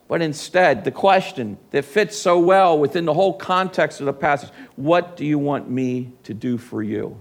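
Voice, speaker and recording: A man's voice: a little high, moderate pace, hardly any pauses. A man preaching a sermon in an earnest way, often asking his listeners rhetorical questions.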